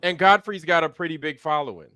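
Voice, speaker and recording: A man hosting a livestream, talking in a relaxed, chatty, slangy way. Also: fairly high pitch, fast talker, no echo. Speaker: livestream host. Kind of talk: casual show talk.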